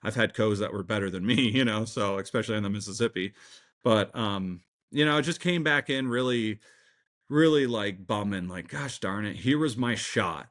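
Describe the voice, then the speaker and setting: A young man telling a long story in a casual interview, rambling and excitable, full of fillers and restarts. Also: fairly low pitch. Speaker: tournament fishing pro, guest.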